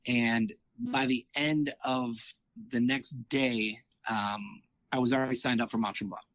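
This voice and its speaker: Animated man telling stories, dry sound. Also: mid-range voice, measured pace, no echo. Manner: animated, acts out quoted dialogue, frequent fillers and restarts. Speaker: triathlete guest. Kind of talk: casual interview storytelling.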